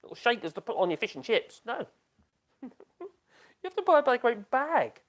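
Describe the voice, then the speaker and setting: A man's voice: extremely high pitch, sing-song, normal speed, fairly bright tone. A middle-aged man, chatting casually on a live stream in a rambling way, trailing off and restarting his sentences.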